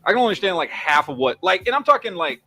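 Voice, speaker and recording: Brief: Texan man, livestream host, lively up-and-down pitch, dry close mic, profane rambling chat. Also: racing, dry recording, soft background music. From Texas. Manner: rambling, profane, reads chat names aloud.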